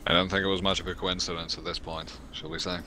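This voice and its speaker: A man's voice: low voice, level tone, fast, pushed and bright, a little hiss or hum. A man playing his character in a tabletop role-playing game, answering in dry, curt lines. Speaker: player.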